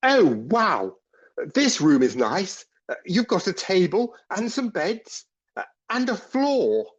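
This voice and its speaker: A man's voice: sits high, sing-song, slow, husky, highs cut off, exaggerated voice. A man playing an eager, naive young recruit in an audio comedy, polite and chirpy with old-fashioned turns of phrase. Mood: cheerful.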